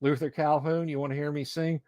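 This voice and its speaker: A man's voice: fairly high pitch, flat delivery, a little fast, a little mellow, no room sound. A middle-aged man streaming, chatting casually and telling rambling anecdotes close to his mic. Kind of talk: casual chat.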